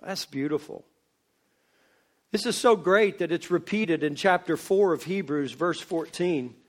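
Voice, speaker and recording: A male pastor preaching a sermon, swinging between loud emphasis and hushed asides. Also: on the high side. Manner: slow, drawn-out delivery.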